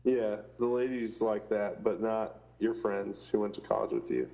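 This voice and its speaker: A man's voice: fairly low pitch, normal speed, dark tone, lo-fi sound. A young man co-hosting a casual podcast, joking around and laughing often. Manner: jokey, laughs often, spells out handles. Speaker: podcast co-host. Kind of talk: casual chat.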